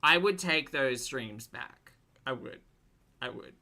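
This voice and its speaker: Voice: mid-range voice, animated, slow, pushed and bright. A YouTuber giving dry, sarcastic reaction commentary over a stream clip.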